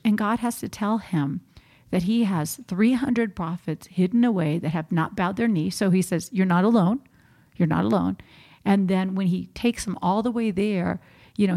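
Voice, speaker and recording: A woman co-hosting a faith podcast, retelling Bible stories in a lively, chatty way. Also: mid-range voice. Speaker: co-host. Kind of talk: casual Bible teaching chat.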